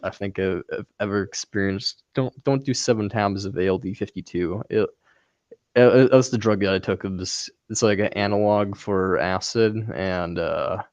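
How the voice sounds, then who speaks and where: A young man in casual chat, telling animated stories, laughing often and swearing freely. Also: fairly low pitch, moderate pace, no room sound. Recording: dull dry recording.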